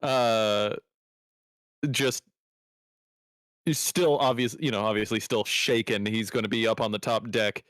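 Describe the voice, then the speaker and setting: A man with a medium-pitched voice plays a tabletop game, joking and swearing casually. He talks slowly. The sound is dry and close to the mic. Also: fairly even intonation, a bit bright, no room sound. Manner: joking, cursing. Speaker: player.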